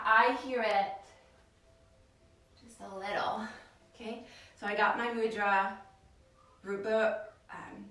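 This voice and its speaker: Bright-voiced woman teaching yoga in an echoey room. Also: on the high side. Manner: gentle, chatty, with many fillers. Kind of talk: live-streamed yoga class instruction. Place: home art and yoga studio. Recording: echoey room, voice from far off the mic.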